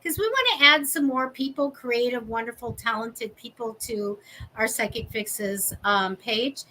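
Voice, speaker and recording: A woman reads tarot cards on a live show in an upbeat, playful way. Her voice is bright and a little high, and faint noise sits behind it. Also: rough recording. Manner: upbeat, playful, quick laughs. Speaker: psychic reader, co-host. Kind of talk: live tarot reading chat.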